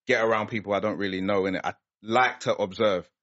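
A man with a London accent, hosting a podcast in casual chat and telling lively stories full of slang. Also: on the low side, fast, dull audio. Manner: animated storyteller, slangy. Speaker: podcast host.

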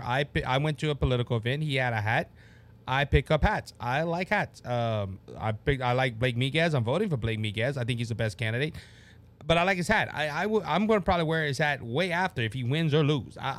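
A man with a Louisiana accent hosting a political talk show, passionate and worked up, often stumbling and repeating words. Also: medium pitch. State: worked up and sweating. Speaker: podcast host.

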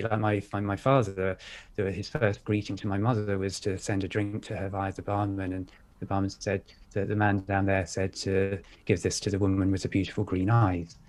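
A man with a polished upper-class English accent talks in a fairly low voice. He tells personal stories in a candid, reflective way. His talk is loose and unscripted, full of little pauses and fillers. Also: darkish tone. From United Kingdom. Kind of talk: casual chat, storytelling.

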